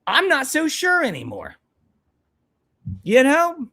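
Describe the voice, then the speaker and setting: Pushed and bright, his very high voice swoops wildly while he speaks slowly. The young streamer is reacting to a clip, ranting with blunt, profane anger.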